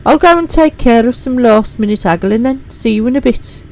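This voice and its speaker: A woman voicing a brisk, businesslike merchant companion in a game, chatty and upbeat. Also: fairly high pitch, creaky, a little mellow, pitched above the performer's own voice, rough recording.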